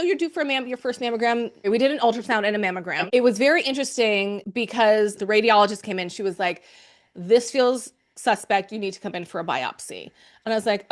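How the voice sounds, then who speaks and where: A young adult woman candidly telling her personal story of illness, chatty and emotional, often quoting what others said to her. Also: mid-range voice. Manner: chatty, emotional, quotes others in reported speech. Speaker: cancer patient sharing her story.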